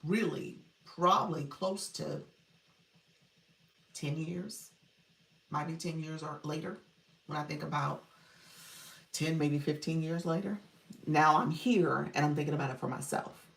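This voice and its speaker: A low, gravelly-voiced woman talks through a casual live stream, chatting with viewers and laughing easily. She sits back from the mic in an echoey room at home, so the sound is distant and roomy. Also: measured pace, long pauses. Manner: chatty, laughs often, reads viewer comments aloud. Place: room at home, child heard in background. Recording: roomy livestream audio from off-mic.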